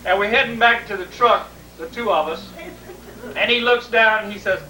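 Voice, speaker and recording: A woman telling a long humorous story to a live audience in a folksy, drawn-out way. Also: medium pitch, pushed and bright. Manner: folksy, drawn-out, vivid retelling. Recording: distant, roomy, noisy 1980s video recording.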